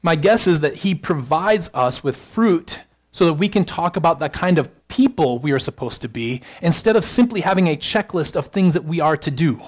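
A man's voice: fairly high pitch, expressive, moderate pace. A married man preaching a sermon, emphatic and building to fervent repeated phrases. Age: adult, married. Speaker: pastor.

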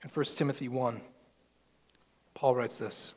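A man's voice: fairly high pitch, lively intonation, moderate pace. A man preaching a sermon, reading scripture aloud and explaining it, sometimes speaking in Paul's voice. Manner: expository preaching, quoting scripture and acting out Paul's voice. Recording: long reverb in a large hall.

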